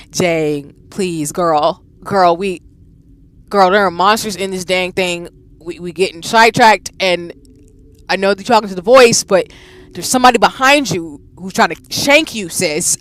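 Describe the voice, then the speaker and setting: Loud, excitable woman gamer. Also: on the low side, a little slow. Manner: loud, excitable, shouting at the screen; slangy, playful, talks to the characters. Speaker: gaming streamer. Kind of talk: excited let's-play reactions.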